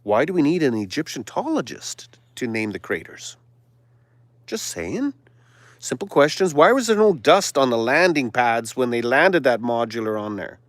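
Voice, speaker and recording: A man hosting a live stream, delivering a sarcastic, preachy monologue that now and then drops to a hushed whisper. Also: medium pitch, very animated, normal speed, no echo. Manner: sarcastic, mocking asides; preachy, sermon-like exhortation.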